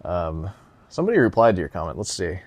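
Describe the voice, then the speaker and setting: A man's voice: deep voice, very animated, fast. A young man hosting a casual solo podcast as a guitar teacher, rambling and joking with lots of fillers, a little out of breath. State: slightly out of breath.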